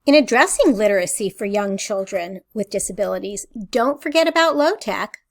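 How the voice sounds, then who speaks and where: A woman presenter giving a clear, deliberate teacherly voice-over narration about early reading. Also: mid-range voice, expressive. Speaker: assistive technology presenter.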